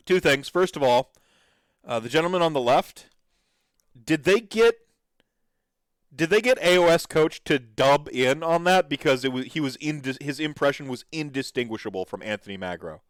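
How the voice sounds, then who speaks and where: A man's voice: fairly high pitch, lively intonation, moderate pace, long pauses, no echo. A man hosting a podcast, reacting to videos in an enthusiastic, rambling way with lots of fillers. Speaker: podcast host. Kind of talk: casual commentary reacting to videos.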